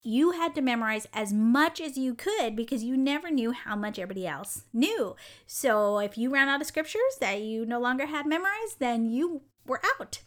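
A woman hosts her own podcast and tells a personal story in an animated, bubbly manner, often breaking into laughter. Her voice sits a little high, and she keeps a warm, chatty storytelling flow throughout. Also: normal speed. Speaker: podcast host. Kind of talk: casual storytelling monologue.

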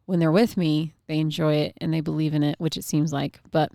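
A woman's voice: sits low, flat delivery, a little fast, vocal fry, dark tone, dry recording, studio quality. A middle-aged woman telling a personal parenting story in a candid, emotional way, with lots of casual fillers. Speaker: mother sharing a parenting story.

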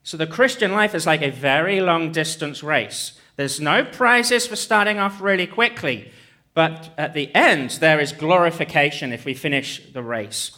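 A man's voice: fairly high pitch, animated, normal speed, sharp tone. A man preaching a sermon as pastor, joking conversationally on a hands-free mic in a church. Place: church hall. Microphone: hands-free headset mic.

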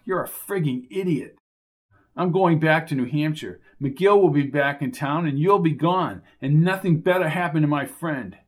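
A man's voice: a little high, moderate pace, lightly acted. A man voicing a determined male investigator who talks bluntly and with impatience. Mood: exasperated. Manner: blunt, exasperated, insistent. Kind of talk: audiobook character voice.

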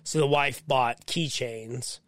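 A man co-hosting a podcast, telling stories in a casual, profane, animated way. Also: mid-range voice, slow, no room sound. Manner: profane, storytelling, animated when quoting. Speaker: podcast co-host. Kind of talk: casual chat.

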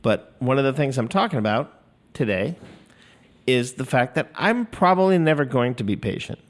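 A man's voice: mid-range voice, expressive, normal speed. Man, 50s, solo podcast host, loose rambling delivery, cusses, self-deprecating. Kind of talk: casual solo podcast monologue. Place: recording studio. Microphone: studio microphone.

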